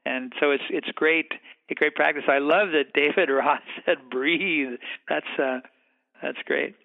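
A man's voice: on the high side, steady tone, moderate pace, creaky. A man hosting a phone interview, talking in a reflective, easygoing way. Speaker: interview host. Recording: tinny phone line.

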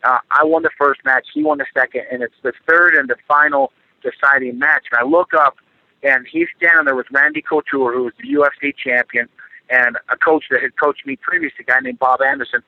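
A man's voice: medium pitch, fairly quick. A middle-aged man being interviewed, talking earnestly with lots of fillers and repetitions. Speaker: interview guest, former Olympic wrestler. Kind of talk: casual interview talk. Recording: dry tinny phone line.

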